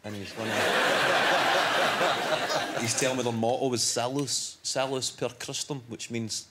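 A young man with a Scottish accent, telling dry, deadpan anecdotes as a comedian guest on a chat show. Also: mid-range voice, slow pace. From Scotland. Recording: loud background noise. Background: studio audience laughter.

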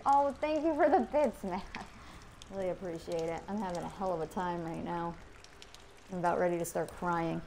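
A woman's voice: medium pitch, gravelly, slight background noise, poor audio. Frustrated swearing woman game streamer. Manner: frustrated, swears a lot, talks to chat. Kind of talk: casual live gameplay commentary.

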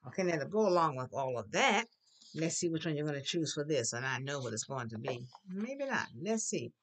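A teacher running a classroom language drill, patiently prompting the class and loudly modeling words for them to repeat. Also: medium pitch, sing-song, a little fast, a little hiss or hum. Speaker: Spanish teacher.

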